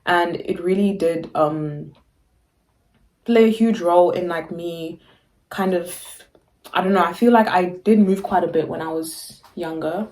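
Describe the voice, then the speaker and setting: A woman's voice: lowish voice, measured pace, a little mellow. A young woman from South Africa, co-hosting a podcast, talking in a rambling casual way with many fillers and restarts. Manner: rambling, full of fillers and restarts, laughs often. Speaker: podcast co-host. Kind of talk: casual chat.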